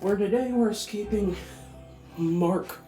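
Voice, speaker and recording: A man's voice: high voice, takes it slowly, dark tone, reverberant, soft background music, rough recording. A young man vlogging at home, rambling with silly jokes and frequent giggles. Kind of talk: goofy casual vlog. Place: home during a storm.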